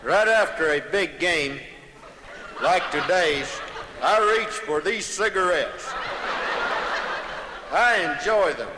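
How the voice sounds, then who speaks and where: A comedian voicing a boastful male athlete who pitches cigarettes in a slow drawl. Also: animated. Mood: smug pitchman. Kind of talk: stand-up character bit. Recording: roomy live hall recording, noisy.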